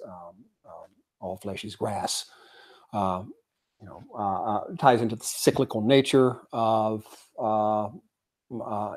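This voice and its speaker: A man giving a Buddhist dharma talk at a zen center, speaking haltingly with many fillers and reading quotations aloud. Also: on the low side, darkish tone, breathy edge. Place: zen center meditation hall.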